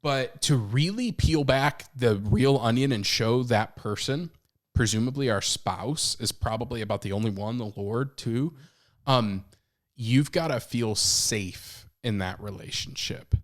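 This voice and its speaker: A man in his thirties co-hosting a podcast, talking candidly and with animation, swinging between loud and hushed. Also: mid-range voice, measured pace. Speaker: podcast co-host. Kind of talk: casual chat.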